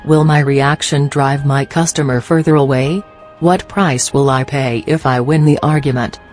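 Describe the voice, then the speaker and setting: A calm, measured voice reads a customer-service training script as scripted narration, with a mid-range pitch. Soft music plays faintly underneath. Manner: measured, instructional reading. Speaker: narrator of a business training video.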